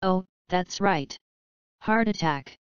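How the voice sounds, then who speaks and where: A woman's voice: on the low side, slow pace, clean tone, no echo, lo-fi sound. A woman reading the part of a casual, wry young woman who speaks to the dead in an offhand, teasing way.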